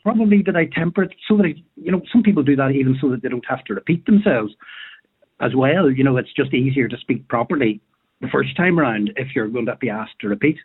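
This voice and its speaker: Husky Northern Irish man on a radio line. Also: medium pitch, lively intonation, fast talker, phone-quality sound. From Northern Ireland. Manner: thoughtful, hesitant, many fillers. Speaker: radio guest, drama tutor. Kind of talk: radio discussion.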